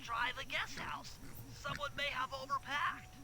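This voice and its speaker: An actor playing a fussy, apologetic turtle sidekick in a video game. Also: male voice, very high voice, fairly even intonation, measured pace, noisy background. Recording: game audio heard from far.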